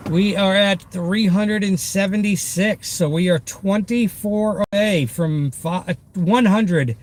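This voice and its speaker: A man's voice: high voice, slow. A man with a Boston accent chatting upbeat with his viewers while driving for a food delivery job, in a car with the window cracked. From Massachusetts. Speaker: food delivery driver livestreaming. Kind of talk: casual live-stream chat while driving. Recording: loud wind and road noise in car. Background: traffic and wind through open window.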